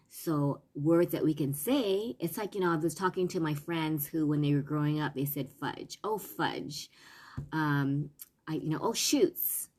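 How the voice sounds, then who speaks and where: Parenting coach, woman, low voice, earnest and rambling live-stream talk. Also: a little mellow. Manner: meandering, earnest, many fillers and restarts.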